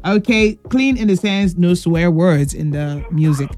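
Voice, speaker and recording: A woman's voice: on the low side, a little slow, a little mellow, soft background music. A woman hosting a children's radio call-in show, playful and teasing, laughing often and calling the callers pet names. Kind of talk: lively radio call-in chat.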